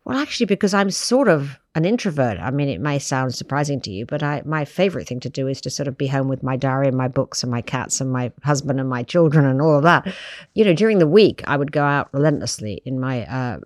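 Woman guest, former editor; animated, anecdotal, dry close recording. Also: a bass voice, quick pace, no room sound. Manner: animated, anecdotal, lots of "you know". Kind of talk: reflective interview storytelling.

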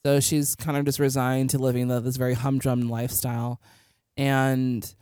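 A woman's voice: very deep voice, flat delivery, moderate pace, mellow, dry recording, clean studio sound. A woman co-hosting a podcast, recapping a film in a loose, rambling way full of fillers, a little tipsy. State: tipsy from drinking. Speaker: podcast co-host. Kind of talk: casual chat.

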